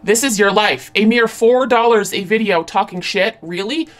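A snide, sarcastic commenter, read aloud by a woman. The delivery stays flat and dismissive, close to her own everyday voice. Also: medium pitch, normal speed, natural voice. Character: snide adult online commenter.

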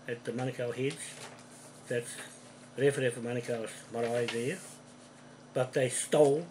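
A man giving an angry, profane monologue to camera from a room at home, accusing people directly and growing louder when heated. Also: medium pitch, a little hiss or hum, poor audio. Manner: forceful, ramps up in volume when heated. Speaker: video ranter.

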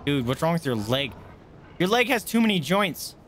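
This streamer's voice is fairly high-pitched and moderately paced, with some faint hiss or hum behind it. He talks casually with viewers about his gameplay, getting excited and yelping and cursing at what happens on screen.

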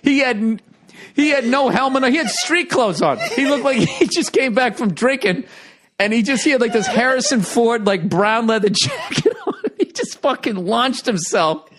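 American man, high voice, podcast host, casual story, profane, laughing. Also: moderate pace. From United States. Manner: animated, profane, laughing often through the telling.

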